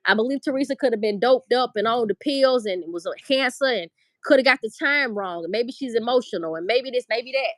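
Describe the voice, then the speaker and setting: A middle-aged woman hosts a livestream, her voice pitched a little high. She rants with raw emotion and heavy profanity. The sound is close and dry, with almost no room in it. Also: fairly quick, no room sound. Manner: emotional, profane, animated ranting. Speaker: livestream host. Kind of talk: casual livestream commentary.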